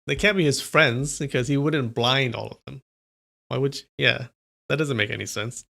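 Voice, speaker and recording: Brief: man reading a novel live, mid pitch, gravelly, casual asides. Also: moderate pace, sharp tone. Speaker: live-stream reader.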